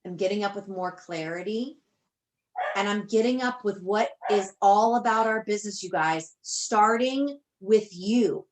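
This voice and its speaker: A woman's voice: medium pitch, unhurried. Gushing woman coach on a team call. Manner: effusive, gushing, repeats herself. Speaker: business coach.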